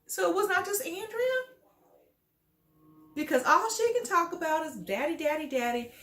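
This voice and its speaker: A woman with a very high, lively voice delivers a scolding commentary monologue. She talks straight at the people she judges and sounds sassy and blunt. The voice sits in an echoey room. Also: normal speed. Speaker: reality TV commentator.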